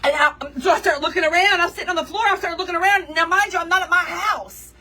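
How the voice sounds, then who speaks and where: A woman hosting a craft livestream, telling a story to her viewers in an animated, chatty way and calling them y'all and girl. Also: extremely high pitch, fast, far from the mic. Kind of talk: casual storytelling chat with viewers.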